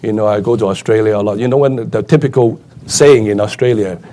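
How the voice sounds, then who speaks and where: A man's voice: quick pace, warm tone. A man preaching a sermon with conversational asides, full of fillers and restarts, then building to urgent, impassioned exhortation. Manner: impassioned, rising to urgent high-pitched exhortation.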